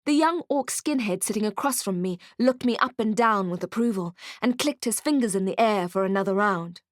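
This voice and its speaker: A woman narrates an audiobook in first person, telling the scripted story in a wry, expressive way. Her voice is medium in pitch at a normal speed, recorded dry with studio quality.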